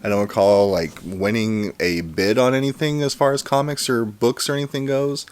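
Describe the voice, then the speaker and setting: A man's voice: medium pitch, steady tone, moderate pace, smooth, no room sound. A man in his thirties hosting a casual unboxing vlog, chatty and rambling, with an enthusiastic manner. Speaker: comic collector and channel host.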